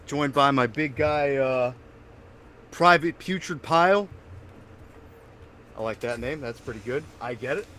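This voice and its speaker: A young man hosting a casual podcast, telling rambling stories and getting loud and animated when excited. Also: mid-range voice, a little slow, long pauses, a little hiss or hum. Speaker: podcast host. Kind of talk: casual chat.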